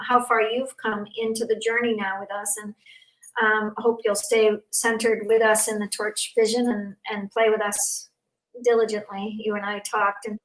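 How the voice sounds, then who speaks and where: An older woman hosting a casual conversation, speaking in an earnest, gentle way. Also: on the high side. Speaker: host. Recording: echoey, distant from the mic.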